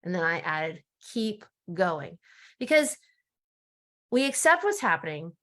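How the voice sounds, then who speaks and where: A woman in her forties talking casually to camera as a life coach, chatty and animated, often laughing at herself. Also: on the low side, normal speed.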